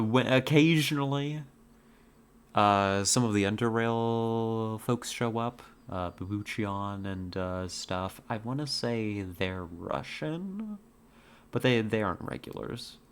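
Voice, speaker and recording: Slow, low-voiced woman streamer chatting. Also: a little hiss or hum. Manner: rambling and chatty, full of fillers and restarts, answering chat. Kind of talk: casual chat while livestreaming a hunting game.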